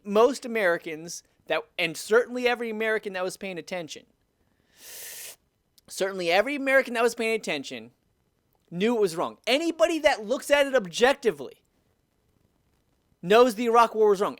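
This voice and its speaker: A man's voice: sits high, dry recording. A man in his thirties delivers a heated political rant. He repeats points, restarts sentences and swears as his frustration builds. The recording is dry and close. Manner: heated, repetitive, restarts and swears when riled. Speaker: video commentator. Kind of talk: ranting political commentary.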